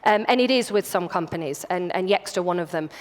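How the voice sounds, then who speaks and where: A woman's voice: fairly low pitch, brisk. A woman giving a conference keynote, conversational with some restarts. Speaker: conference speaker. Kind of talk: keynote presentation. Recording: hall reverb.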